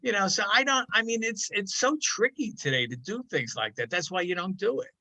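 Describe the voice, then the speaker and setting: A man's voice: high voice, expressive, a little fast, pushed and bright, dry recording. An older man co-hosting a casual podcast chat, rambling with plenty of laughs and repeated "I mean"s, over a video call. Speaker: podcast co-host.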